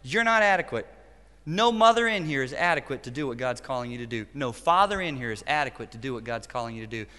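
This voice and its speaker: A man in his forties preaching a passionate sermon as pastor, swinging from loud, urgent lines to quiet, hushed ones. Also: medium pitch, expressive, quick pace, clean tone. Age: 40s. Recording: church hall reverb.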